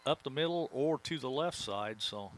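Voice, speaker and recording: A man giving casual color commentary at a high school football game, relaxed and agreeable. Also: normal speed, slight background noise.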